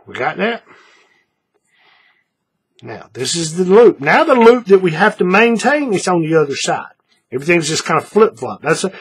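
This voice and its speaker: A folksy man walks viewers through a hands-on craft tutorial, repeating each step and often checking they are following. His voice is very husky and rough, and it swings lively up and down as he explains. He sits at a desk with the camera mic nearby. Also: sits high. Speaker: paracord craft instructor.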